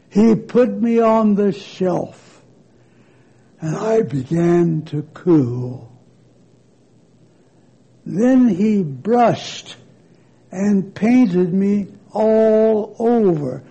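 Brief: man doing a storybook teacup, high, gravelly, very slow, pleading. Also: mellow, exaggerated voice. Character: proud talking teacup, once red clay.

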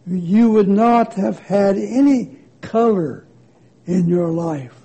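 Brief: gentle old potter played by a man, hushed, very slow, gravelly. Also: high voice, exaggerated voice. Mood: reassuring. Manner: soft, calm, reassuring. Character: patient, gentle old male potter, the master.

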